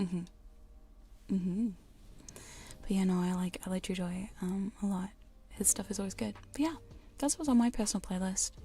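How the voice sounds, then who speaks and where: A woman streamer in a whispered livestream chat, rambling and giggling as she reads the chat. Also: mid-range voice. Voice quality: soft whisper. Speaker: ASMR streamer. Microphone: studio condenser microphone.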